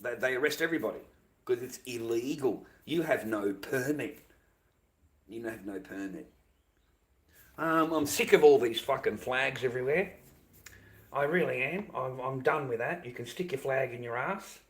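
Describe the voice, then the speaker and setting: A man's voice: medium pitch, moderate pace, fairly bright tone. Angry swearing Australian man ranting. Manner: angry, profane, repetitive ranting. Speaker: livestreamer. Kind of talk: livestream rant.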